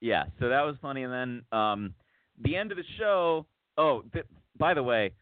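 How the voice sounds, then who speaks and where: A man's voice: mid-range voice, expressive, moderate pace, dry recording. Guy hosting a podcast, rambly chatty storyteller, tinny dry phone sound. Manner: rambling, lots of restarts, acts out quotes. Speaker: podcast host. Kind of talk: casual storytelling chat.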